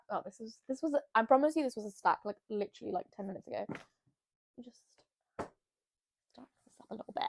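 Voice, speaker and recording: A woman's voice: a little high, animated, fast, gravelly, pauses often. A young woman, chatting to camera from her bed in a bubbly, rambling, self-mocking way. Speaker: vlogger. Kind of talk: casual chat to camera. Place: bedroom, sitting on her bed.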